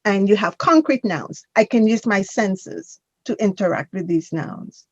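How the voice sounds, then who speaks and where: A woman's voice: mid-range voice, lively intonation, measured pace, husky, no echo, muffled recording. A woman teaching a grammar class, patiently correcting a student and drilling pronunciation. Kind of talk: online class instruction.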